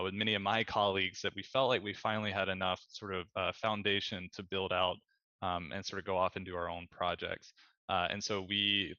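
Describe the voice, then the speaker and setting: A man in his thirties giving a casual, rambling panel presentation over a video call, talking fast with lots of fillers. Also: sits low, sharp tone, no room sound, muffled recording. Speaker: panel presenter, studio co-founder.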